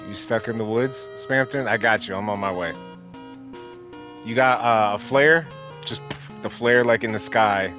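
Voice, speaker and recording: Low-voiced man streaming a game. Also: unhurried, long pauses. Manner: reads game dialogue aloud, doing voices, chatting with viewers. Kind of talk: casual let's play commentary with character voices. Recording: faint game music behind.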